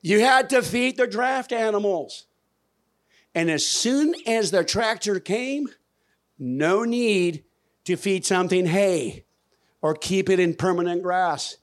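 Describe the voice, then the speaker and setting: A man with a slightly higher-than-average voice speaks from a conference stage into a microphone. He talks in a folksy, emphatic way and keeps putting questions to the audience. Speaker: conference speaker on regenerative farming. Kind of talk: lively stage presentation.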